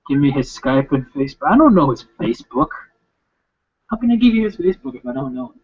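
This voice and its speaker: A man's voice: sits high, big pitch swings, fast, creaky, breathy edge. A young man hosting a video and rambling bluntly and profanely through viewer questions, with many fillers. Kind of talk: casual rambling chat. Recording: lo-fi dull sound.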